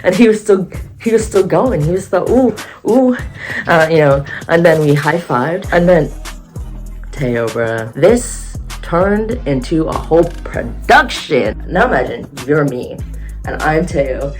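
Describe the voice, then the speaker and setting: A young woman vlogger telling an excited storytime, slangy and laughing, acting out what people said. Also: sits low, unhurried, soft background music. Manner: animated, slangy, laughing a lot, acts out quotes.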